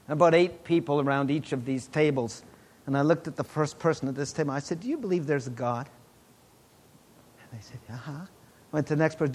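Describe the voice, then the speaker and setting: A middle-aged man preaching, his voice sitting high for a man. He tells a personal story in sermon style, lively and animated, rising to loud exclamations and dropping to hushed asides.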